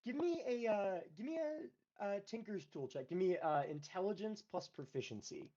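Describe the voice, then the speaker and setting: A man's voice: sits high, animated, moderate pace, warm tone, lo-fi sound. A man narrating as game master, rambling and filling his talk with "like" and "um". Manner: rambling, full of "like" and "um".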